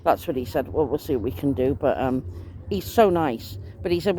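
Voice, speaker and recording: A woman's voice: extremely low pitch, lively intonation, moderate pace, dark tone. A woman chats on in a loose, rambling monologue. She sounds aggrieved and swears mildly as she goes. Faint noise hangs in the background. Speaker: vlogger.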